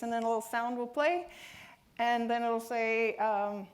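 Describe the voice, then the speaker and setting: A woman's voice: on the high side, steady tone, unhurried. A woman giving a conference talk and answering questions, speaking with frequent fillers and restarts. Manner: hesitant, many fillers and restarts.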